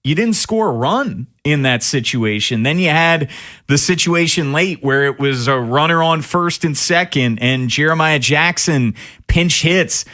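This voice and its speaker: Bright-voiced sports radio host. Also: male voice, a little high, lively intonation, unhurried. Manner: emphatic, restarts sentences when building a point.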